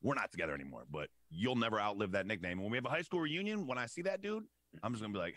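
A man's voice: racing, slight background noise. A young man co-hosting a podcast, telling stories casually and acting out the people in them with big swings in his voice and frequent laughs. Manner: animated, acts out quotes with big pitch swings, laughs often. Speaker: podcast co-host. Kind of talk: casual storytelling chat.

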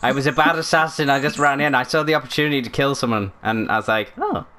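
Guy, bright tone, casual gaming chatter, flustered and apologetic, let's play host. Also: medium pitch, quick pace. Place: at home with a barking dog.

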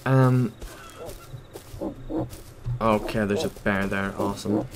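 A man's voice: on the low side, fairly even intonation, slow pace, noisy background. A man giving casual gameplay commentary while playing at his computer, rambling and hesitant, full of ums and self-corrections. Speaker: gaming YouTuber.

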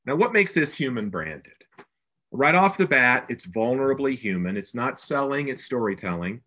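A man's voice: mid-range voice, very animated, moderate pace, pushed and bright. A man presenting a business webinar as a brand consultant, speaking in an earnest, conversational way with emphatic stresses.

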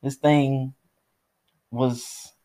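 A man co-hosting a casual movie review podcast, blunt and slangy, recording at home in the dark during a power cut. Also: medium pitch, little pitch movement, extremely slow. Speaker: podcast co-host.

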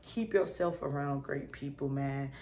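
A woman's voice: extremely low pitch, measured pace, dark tone, a little hiss or hum. A woman vlogging to camera in a casual, upbeat, slangy way, often asking "you feel me". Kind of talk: casual motivational talk to camera.

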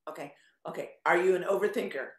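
Animated older woman hosting a video call. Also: lowish voice, quick pace, reverberant. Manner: animated, teasing, swears casually. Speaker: anxiety forum host. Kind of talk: live video call coaching.

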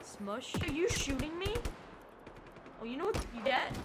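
A woman giving excitable let's-play commentary, yelping and chatting to the characters in her game. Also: high voice, unhurried, loud music behind the voice. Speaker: gamer.

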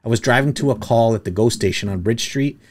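A man hosting a laid-back podcast in a studio. He talks in a mid-pitched voice and tells jokey stories, acting out what people said in raised voices. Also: fast talker, darkish tone. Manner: storytelling, jokey, acts out quotes in raised voices. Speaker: podcast host, tow truck operator. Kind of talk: casual podcast chat. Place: studio with producer present.

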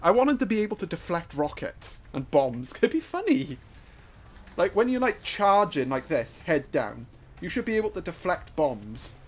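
Guy doing gameplay commentary, high voice, super animated, jokey trash talk. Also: moderate pace, breathy edge. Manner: excitable, swings from muttering to shouting; trash-talking, joking. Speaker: gaming YouTuber.

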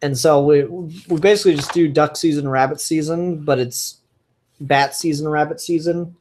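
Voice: mid-range voice, fairly even intonation, normal speed, a little mellow. A comic book reviewer talking casually and enthusiastically, rambling with frequent fillers and restarts. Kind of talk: casual solo review podcast.

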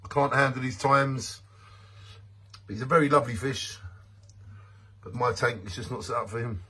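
Casting: husky man, middle pitch, sing-song showman giving a home aquarium tour. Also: normal speed, pushed and bright. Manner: mock-grand, sing-song, hums a theme tune. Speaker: vlogger showing his fish tank. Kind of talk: playful home video commentary.

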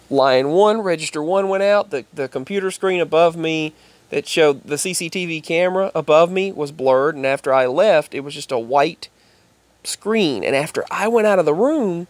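A man with a fairly high voice tells a rambling personal story to the camera, going over the same points again and again. The sound is dry and close, with little room in it. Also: moderate pace, no echo. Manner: rambling, repeats himself, quotes others in a raised voice. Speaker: vlogger. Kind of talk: casual storytelling monologue.

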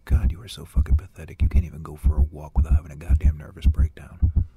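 A man's voice: deep voice, very animated, brisk, narrow, tinny audio, background noise. An actor playing an anxious man whose inner voice mocks him bitterly and swears at him, in a short film voice-over. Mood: mocking. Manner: mocking, bitter, swearing self-talk. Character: anxious man taunted by his own inner critic.

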